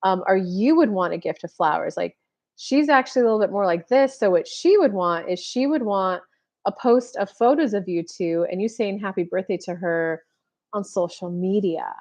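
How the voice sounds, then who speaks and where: A woman's voice: mid-range voice, moderate pace, darkish tone. A woman in her thirties giving a casual live-stream tarot reading, chatty, full of "like", acting out little made-up dialogues as she talks. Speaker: tarot reader.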